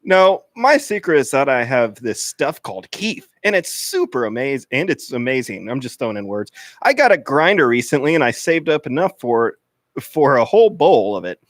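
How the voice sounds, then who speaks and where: Man doing a whiny, overeager teen boy, pitch bouncing all over, dry close sound; comedy radio skit. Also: big pitch swings, normal speed, dry recording, natural voice. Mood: eager. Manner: whiny, overeager, sing-song. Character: clingy teenage boy Steve, needy and creepy.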